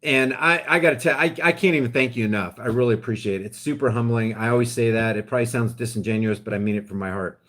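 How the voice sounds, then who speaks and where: A man hosting a live stream, ranting in a heated, emphatic way, then dropping into quieter asides to his viewers. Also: mid-range voice, quick pace, hardly any pauses. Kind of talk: impassioned live-stream rant.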